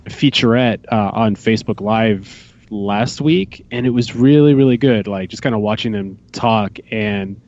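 A man hosting a fan podcast, chatting casually and excitedly with rambling asides. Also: on the low side, unhurried, few pauses. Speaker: podcast host. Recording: dull lo-fi podcast mic.

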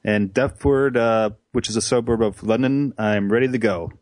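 Canadian man, relaxed podcast guest. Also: medium pitch, normal speed, no room sound. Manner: relaxed, hesitant with many fillers. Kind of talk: casual podcast chat.

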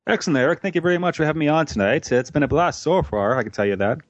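A Canadian man chatting as a guest on a podcast, relaxed and hesitant with many fillers. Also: on the high side, very fast, no echo, lo-fi sound. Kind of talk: casual podcast chat.

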